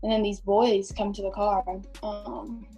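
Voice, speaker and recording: A young woman tells her story as a podcast guest. Her voice is warm and mellow, and she talks loosely with plenty of fillers. A faint bed of music sits under her. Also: medium pitch, animated, unhurried. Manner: vivid storytelling with many fillers. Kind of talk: casual storytelling.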